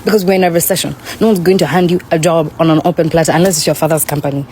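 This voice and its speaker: A speaker giving quick, emphatic advice to the camera about landing a job. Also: medium pitch, fairly even intonation, darkish tone, a little hiss or hum.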